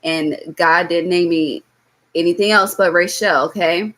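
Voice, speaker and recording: A young woman with a slightly low voice gives a tarot reading on a live stream. She talks casually and bluntly, swearing freely, and keeps checking in with her viewers with "okay?". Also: steady tone, a little slow, a bit bright. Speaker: tarot reader.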